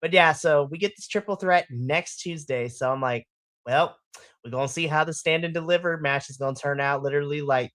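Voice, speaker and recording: A podcast co-host in casual chat about wrestling, playful and quick to laugh. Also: medium pitch, fairly bright tone, no room sound, studio quality.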